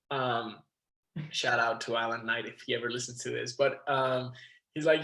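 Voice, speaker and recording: Animated man telling a story, echoey room. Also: medium pitch, fairly quick. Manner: animated storyteller, acts out quotes, swears and laughs. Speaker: guest, musical theatre actor. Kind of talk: casual interview chat.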